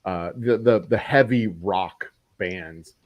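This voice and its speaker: A man's voice: sits low, slow, no room sound, lo-fi sound. A middle-aged man hosting a whiskey talk show, chatting casually in a blunt, profane way. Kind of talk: casual chat.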